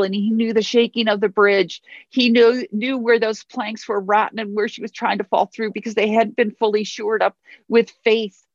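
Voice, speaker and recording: A woman's voice: mid-range voice, no echo, highs cut off. A woman pastor preaching a sermon in an earnest way, repeating phrases for emphasis.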